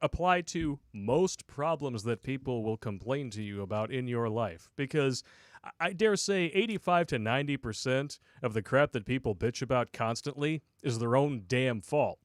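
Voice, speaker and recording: A man's voice: mid-range voice, lively intonation, moderate pace, dry recording. A man co-hosting a casual talk show, making wry, dry asides and telling a story about his wife. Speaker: podcast co-host.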